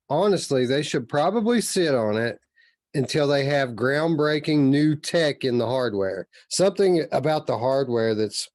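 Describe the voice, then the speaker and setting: Mid-pitched male co-host, opinionated and explanatory, dry recording. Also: dry recording. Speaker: podcast co-host. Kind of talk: casual chat.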